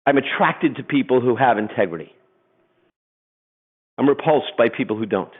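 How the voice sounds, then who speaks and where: A middle-aged man giving a webinar presentation, telling stories in an animated way and acting out voices. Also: mid-range voice, normal speed, slightly rough. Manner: animated storyteller, acts out voices. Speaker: program presenter. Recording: phone-like webinar audio.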